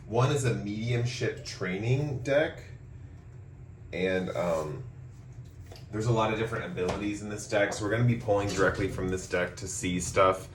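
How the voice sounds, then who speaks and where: A man with a hoarse voice after a cough, giving a relaxed, rambling tarot reading with many pauses and ums. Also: lowish voice, a little hiss or hum. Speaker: tarot reader. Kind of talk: casual pick-a-card tarot reading.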